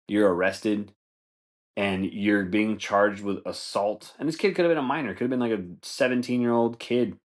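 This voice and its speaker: Man, slightly low voice, casual podcast host, profane, rambling, laughs a lot. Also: moderate pace. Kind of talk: casual comedic commentary.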